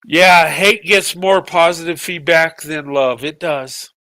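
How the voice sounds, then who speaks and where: Tearful middle-aged man, high voice. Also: bright, forceful tone, dry recording. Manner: halting, repeats words, voice breaking with emotion. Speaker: vlogger. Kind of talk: emotional personal monologue.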